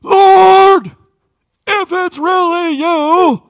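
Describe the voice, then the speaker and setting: Preacher voicing Peter, an impulsive fisherman, pitched up high and pleading. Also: very slow, exaggerated voice. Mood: eager. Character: impulsive fisherman disciple Peter, bold then desperate.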